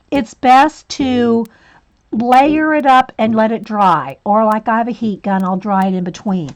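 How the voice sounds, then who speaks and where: Giggly, chatty woman teaching coloring. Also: on the high side. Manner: chatty, giggly, with frequent fillers. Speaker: coloring channel host. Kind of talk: casual livestream tutorial.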